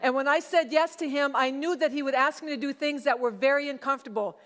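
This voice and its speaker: A middle-aged woman pastor preaching a sermon, telling a personal testimony in a conversational, animated way. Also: high-pitched, fast talker. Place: church sanctuary. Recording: long church hall reverb.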